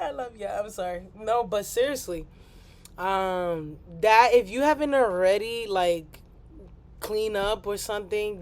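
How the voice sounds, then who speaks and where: A woman's voice: medium pitch, animated, a little slow. A woman hosting a casual astrology livestream, rambling and playful, with apologetic asides.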